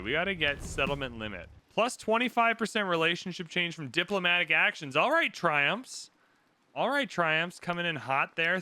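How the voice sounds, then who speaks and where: A young man talks through a strategy game on his channel, his voice bright and very lively as it swings up and down in pitch. He jokes with viewers and fakes outrage at his opponents. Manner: playful, mock-outraged, jokey asides to the audience. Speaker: gaming YouTuber. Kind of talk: casual strategy game commentary.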